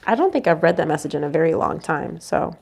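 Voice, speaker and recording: A woman's voice: low voice, sing-song, fast, gravelly, a little mellow, breathy edge. A young adult woman giving a casual, reassuring tarot reading who murmurs her questions to the cards. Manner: chatty, reassuring, asks the cards aloud in a murmur. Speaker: tarot reader.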